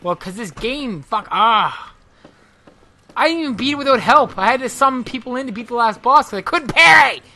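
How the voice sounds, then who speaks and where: A woman playing a video game and commenting as she goes, with constant swearing and loud, frustrated outbursts at the game. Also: a little high, expressive, normal speed, noisy background. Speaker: let's play gamer. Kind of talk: live gameplay commentary.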